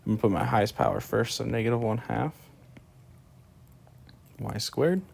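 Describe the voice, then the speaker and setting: A man's voice: mid-range voice, normal speed, creaky, darkish tone, slightly rough. A man teaching calculus in a casual way, talking through each step as he writes, sleepy and yawning. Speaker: math teacher. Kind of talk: screen-recorded math lesson.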